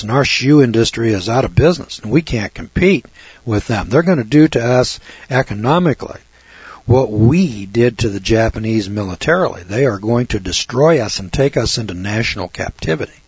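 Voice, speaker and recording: Blunt radio preacher, male, mid-pitched and husky, folksy talk to listeners; lo-fi sound. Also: expressive, a little fast, a little mellow, dry recording. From United States. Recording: dull lo-fi dry recording.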